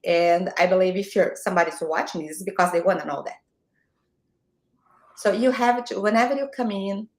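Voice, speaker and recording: A woman with a Brazilian Portuguese accent and a mid-pitched voice appears as a guest marketing mentor, giving direct, emphatic advice in a motivational interview. She's on a morning video call from home, and her voice echoes from a reverberant room.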